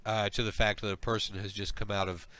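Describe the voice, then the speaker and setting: Halting male game master, dry sound. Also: on the low side, little pitch movement, sharp tone, dry recording. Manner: halting, full of ums and restarts. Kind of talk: narrating a tabletop game.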